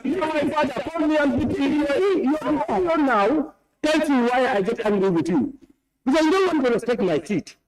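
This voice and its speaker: A man's voice: extremely high pitch, poor audio. A man with a Gambian English accent chairing a parliament session, stern and scolding, repeating himself as he presides over a heated debate. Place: parliament chamber.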